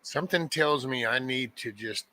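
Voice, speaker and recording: A man's voice: mid-range voice, moderate pace, bright, forceful tone, a little hiss or hum. A man hosting a casual morning chat show who talks in a folksy, meandering, joking way. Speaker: host of a daily live show.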